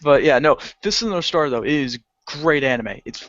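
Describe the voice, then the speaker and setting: A man co-hosting a casual podcast, rambling and laughing as he talks. His pitch swings widely and sits a little high. The sound is dry and dull, like a cheap lo-fi mic. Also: animated, normal speed, a bit bright, dry recording. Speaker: podcast co-host. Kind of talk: casual chat.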